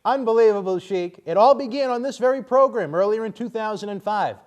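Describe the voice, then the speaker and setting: A man hosts a radio interview in a fairly high voice. He lays out each recap with dramatic build before putting his question to the guest. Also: fairly quick, a little mellow.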